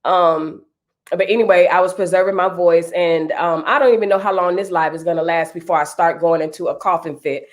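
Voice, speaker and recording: Host, woman, thirties, congested and nasal, chatty and a touch low-voiced. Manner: chatty, greets viewers by name. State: stuffy, nasal from a cold. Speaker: live stream host. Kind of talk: casual live chat.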